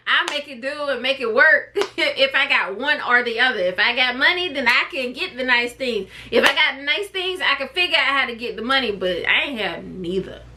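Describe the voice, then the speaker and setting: A woman vlogger and mother telling a personal story to camera in a chatty, expressive way, wandering off on tangents. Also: high-pitched, normal speed, noisy background.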